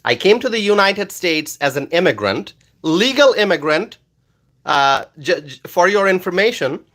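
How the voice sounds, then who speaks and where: Animated man. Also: high voice, moderate pace. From Bangladesh. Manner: animated, loud at times, with many fillers and repeated words. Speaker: livestream host reading chat. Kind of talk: casual livestream chat.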